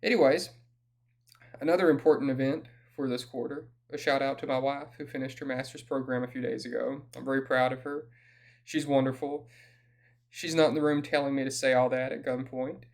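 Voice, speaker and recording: A man's voice: mid-range voice, fairly even intonation, fairly quick, creaky. A man with a Southern US accent giving a casual solo update as an author, with a dry, self-deprecating humor.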